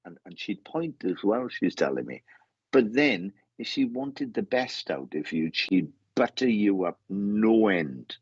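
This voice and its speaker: A man giving a mediumship reading, halting and repeating his words, calling the sitter mate. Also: fairly low pitch, sing-song, darkish tone, husky, no echo. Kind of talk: casual spoken reading. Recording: dull lo-fi sound.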